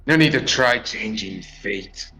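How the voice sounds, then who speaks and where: A man reading aloud as a callous, war-obsessed male god, flat and dismissive. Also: fairly low pitch, slow pace, faint music behind, exaggerated voice. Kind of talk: reading game dialogue aloud.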